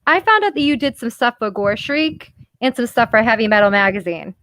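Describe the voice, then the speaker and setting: A woman's voice: fairly high pitch, big pitch swings, brisk, a bit bright. A woman hosting a podcast, asking questions in a casual, chatty way and often repeating herself. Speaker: podcast host. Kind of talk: casual interview chat.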